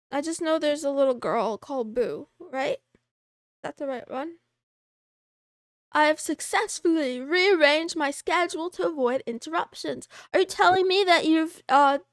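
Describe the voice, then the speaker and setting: A woman with a high, bright-pitched voice talks casually on a livestream, reading out viewer names and greeting each one playfully. She throws in wry, self-mocking asides. The sound is close and dry, with no room around it. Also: no echo. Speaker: VTuber livestreamer.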